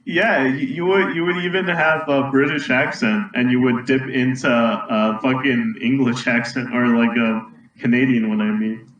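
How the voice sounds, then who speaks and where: A young man co-hosting a casual podcast, teasing in a deadpan way and stumbling over his words. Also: mid-range voice, moderate pace, recorded from a distance, lo-fi sound. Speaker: podcast co-host. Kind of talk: casual chat. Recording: roomy echo, away from the mic.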